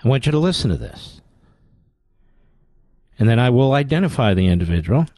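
A man's voice: mid-range voice, big pitch swings, fairly quick, mellow, dry recording. Sarcastic, combative talk radio man. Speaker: radio talk show host. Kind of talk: political talk radio commentary.

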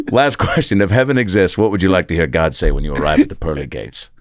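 A man's voice: low voice, very animated, fairly quick, no room sound, clean studio sound. A man hosting a podcast in casual chat, joking and rambling, laughing often. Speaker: podcast host.

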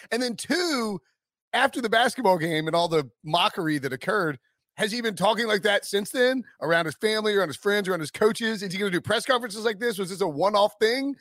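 Lively high-voiced man, very dry sound. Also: fairly quick, no echo. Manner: animated, jokey, asks long rambling questions. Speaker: co-host. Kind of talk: casual sports chat.

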